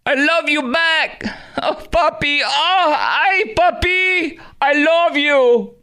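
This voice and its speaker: A man voicing a gushing woman with an exaggerated fake Spanish accent, mocking and drawn-out. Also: very high-pitched, pushed and bright, voice pushed up, exaggerated voice. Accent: put-on Spanish.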